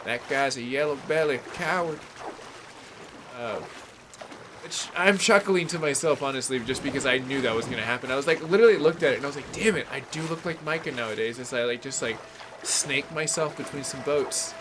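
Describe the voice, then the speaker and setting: A Bay Area gaming livestreamer from California rambles casually through live commentary on his game, calling out chat viewers by name. His voice sits at a medium pitch and moves fairly quickly, with background noise audible.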